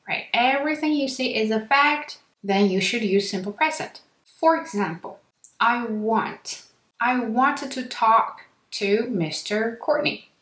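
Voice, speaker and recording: A woman hosting an English-lesson podcast. She talks fast and lively and speaks straight to her listeners. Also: a little high. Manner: fast-talking, lively, addresses listeners directly. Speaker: English teacher and podcast host. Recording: echoey room.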